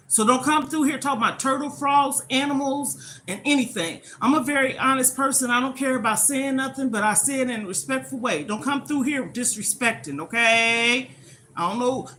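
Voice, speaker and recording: A woman's voice: a little high, a bit bright, slight background noise, poor audio. An older woman hosting a casual live stream from her kitchen while cooking, scolding rude commenters one moment and fondly reminiscing about her grandmother the next. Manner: scolding rude viewers, then fond reminiscing. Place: home kitchen.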